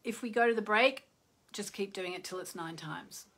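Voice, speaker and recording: A woman's voice: mid-range voice, normal speed, fairly bright tone. A middle-aged Australian woman, an astrologer chatting casually and rambling with many fillers on a live stream. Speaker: astrologer hosting a live show.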